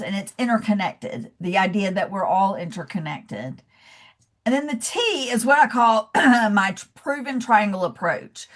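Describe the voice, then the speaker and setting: A woman with a Southern US accent giving a casual, encouraging webinar presentation as a coach over a video call. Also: medium pitch. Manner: chatty and encouraging, says y'all and calls listeners love.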